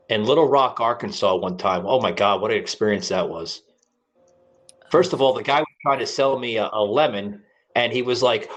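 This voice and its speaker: A man's voice: medium pitch, fairly bright tone. A man with a New York accent hosting a podcast, blunt and joking, often restarting his sentences. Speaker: podcast host. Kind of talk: casual chat.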